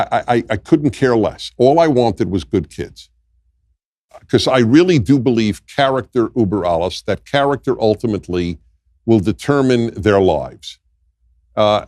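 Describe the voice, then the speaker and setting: A man's voice: on the low side, darkish tone, dry recording, clean studio sound. An older man, a guest in a political discussion, speaking emphatically and repeating his points for weight. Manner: emphatic, repetitive.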